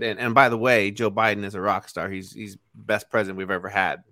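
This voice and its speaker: Co-host: adult man, low voice, dry close-up sound, easygoing sidekick who backs the host. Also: flat delivery, a little fast, pushed and bright, no echo. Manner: laid-back, agreeable, backs up the host. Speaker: podcast co-host. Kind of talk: casual political talk show.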